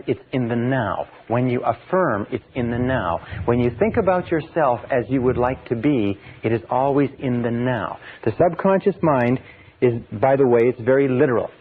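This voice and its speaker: An earnest man gives a self-help lecture, repeating phrases for emphasis and dropping his voice low and slow to model affirmations. His voice sits at an ordinary middle pitch. The sound is thin and tinny, like an old phone line. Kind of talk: motivational lecture.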